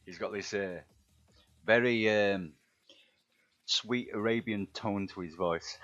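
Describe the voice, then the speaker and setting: Low-voiced Yorkshire man streaming. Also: slow pace, pauses often, fairly bright tone. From England. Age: middle-aged. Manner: chatty, banters with viewers, rough-edged. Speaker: live-stream hobby host. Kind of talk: casual live-stream chat while painting miniatures. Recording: dull lo-fi stream audio, faint music.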